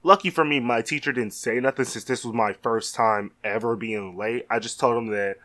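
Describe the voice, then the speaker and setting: Young guy doing a storytime vlog, animated and kinda exasperated, mid-pitched voice. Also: normal speed. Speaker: vlogger.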